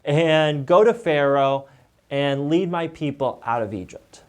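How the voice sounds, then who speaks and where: A man voicing God speaking to Moses in a Bible lesson, with slow, weighty declarations. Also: fairly high pitch, natural voice. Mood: solemn.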